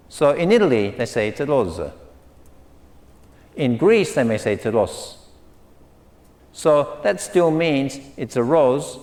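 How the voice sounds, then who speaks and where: A man giving an academic lecture, repeating key words and pausing on fillers and okays. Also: mid-range voice, a little mellow, reverberant.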